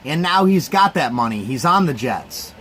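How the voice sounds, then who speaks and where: A man's voice: fairly high pitch, big pitch swings, normal speed, fairly bright tone, a little hiss or hum. A man hosting a live stream, giving casual, rambling sports reaction commentary to his chat. He sounds sleepy and keeps yawning. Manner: laid-back, rambling, talks to his chat.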